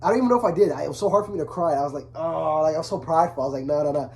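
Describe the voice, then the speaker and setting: A young man talking casually to camera, earnest and rambling, full of restarts, growing softer when he speaks of his father. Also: fairly high pitch, animated, rapid-fire. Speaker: vlogger. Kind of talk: casual confessional talk to camera.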